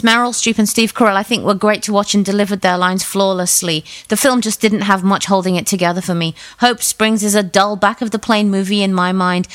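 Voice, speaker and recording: An upbeat woman co-hosts a casual film podcast. She gives blunt verdicts and laughs easily. Her voice sits in a middle pitch. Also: a bit bright. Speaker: podcast co-host, film reviewer. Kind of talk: casual chat.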